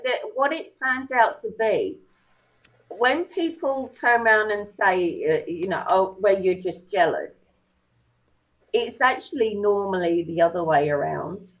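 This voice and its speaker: A woman joins a live stream chat and speaks in a measured way, pausing on fillers. Her voice sits in a middle range. The audio is muffled and lo-fi. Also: medium pitch. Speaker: guest. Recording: dull lo-fi audio.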